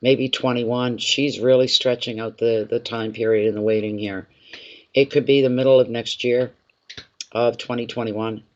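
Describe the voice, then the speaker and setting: A man giving live tarot readings in a plainly pitched voice, talking straight to his viewers and circling back over his own phrases. The sound is dull and lo-fi. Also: flat delivery, moderate pace. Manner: repeats phrases, speaks directly to viewers by name. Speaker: tarot reader.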